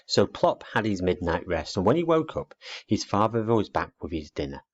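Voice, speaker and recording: A man narrating a children's storybook aloud in an expressive read-aloud manner, dull lo-fi recording. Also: low voice, normal speed.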